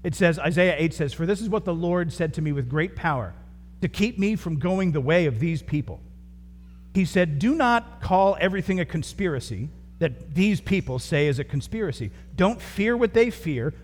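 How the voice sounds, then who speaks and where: A man's voice: fairly high pitch, animated, normal speed. Man preaching in a reverberant hall. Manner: earnest, builds phrases in short repeated beats. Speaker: pastor. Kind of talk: sermon. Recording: long hall reverb, faint noise.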